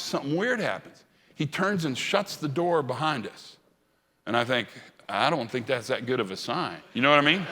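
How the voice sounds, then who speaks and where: A man's voice: a little high, bright, forceful tone. A man giving a humorous storytelling keynote at a conference, acting out the dialogue. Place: large conference hall. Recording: reverberant hall sound.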